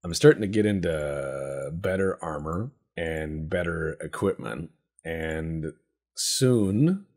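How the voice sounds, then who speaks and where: A man's voice: extremely low pitch, lively intonation, slow pace, darkish tone. A man giving joking, profane, rambling commentary while playing a strategy game. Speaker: gameplay commentator. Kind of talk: let's-play commentary.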